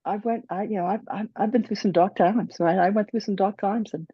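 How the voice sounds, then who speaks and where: A woman's voice: mid-range voice, breathy edge, no echo. Woman presenter finishing her talk, stops and restarts a lot, keeps saying right, kinda lo-fi dry audio. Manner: halting, restarts often, tags "right?". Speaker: conference presenter. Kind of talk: personal closing remarks of a talk. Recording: dull dry lo-fi sound.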